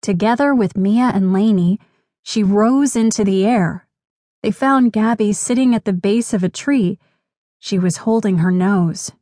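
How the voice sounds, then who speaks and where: Woman narrator for a kids' audiobook: gentle, unhurried, close dry studio. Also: medium pitch, dry recording. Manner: clear, gentle, measured. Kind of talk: scripted children's audiobook narration.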